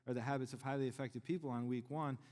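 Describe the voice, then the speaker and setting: A middle-aged pastor delivers a sermon in a deep, mid-pitched voice. He talks to the congregation casually and teases them now and then. His voice rings with the long reverb of a large church hall. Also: fairly even intonation, racing, a little mellow. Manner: conversational, joking with the congregation.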